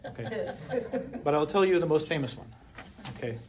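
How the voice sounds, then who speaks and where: A lecturer delivers an academic talk, teasing the audience with rhetorical questions. The pitch sits in the middle, and a soft hiss runs underneath, as in a university lecture room. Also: lively intonation, moderate pace. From Pittsburgh, USA. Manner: wry, humorous, rhetorical questions. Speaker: anthropology lecturer.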